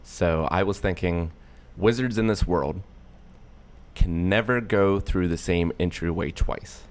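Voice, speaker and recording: A man hosting a casual podcast about tabletop role-playing, relaxed and jokey, thinking aloud. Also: low-pitched, measured pace. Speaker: podcast host.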